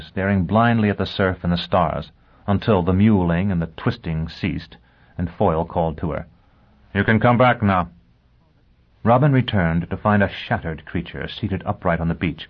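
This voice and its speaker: A man narrating a science fiction novel in a steady, even storytelling manner, on a dull lo-fi recording. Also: deep voice, moderate pace. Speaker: audiobook narrator. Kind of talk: scripted narration. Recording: dull lo-fi audio.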